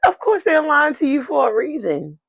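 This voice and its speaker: A woman co-hosting a podcast in casual chat, animated and exclamatory, giving advice. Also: sits high, normal speed, gravelly. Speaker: podcast co-host.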